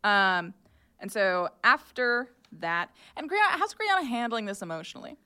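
A woman acting as game master, explaining rules and narrating in a quick, chatty way full of fillers. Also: medium pitch, very animated, sharp tone, clean tone. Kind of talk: running a tabletop game.

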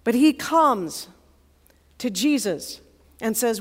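A woman college chaplain preaching in a chatty, vivid storytelling way. Her voice sits a little high. Long reverb hangs after her words, as in a large chapel. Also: animated, normal speed. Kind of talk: sermon.

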